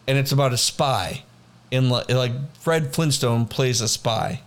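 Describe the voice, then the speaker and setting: A man's voice: medium pitch, a little slow, clean tone. A young man co-hosting a casual chat, laid-back and rambling as he reads out trivia. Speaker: podcast co-host.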